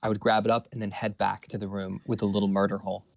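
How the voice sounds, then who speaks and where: A man playing a tabletop game, chatty and excitable, cursing now and then. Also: on the low side, fast talker, gravelly. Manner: excitable, chatty, swears casually. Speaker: player. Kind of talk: casual tabletop play.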